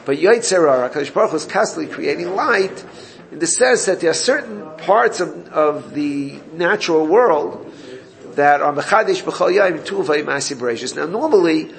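Gravelly man teaching a Torah class. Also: a little high, expressive, brisk. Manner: explanatory, reads Hebrew text then translates.

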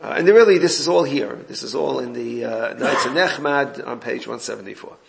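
A man's voice: medium pitch, moderate pace, vocal fry, noisy background. A man giving an informal Torah class, explaining a text and recounting exchanges with his students. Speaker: Torah teacher.

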